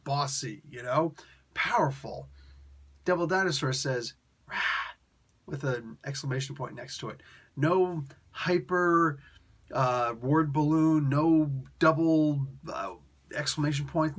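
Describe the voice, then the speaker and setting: A young man hosting a casual review, talking in an animated, sarcastic and exasperated way with slangy asides. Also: on the high side. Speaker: comic book reviewer.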